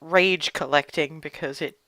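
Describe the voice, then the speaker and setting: A woman narrating a tabletop game as game master, telling the scene in a relaxed way with frequent restarts. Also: low voice, a little slow, no echo. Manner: relaxed storytelling with many restarts.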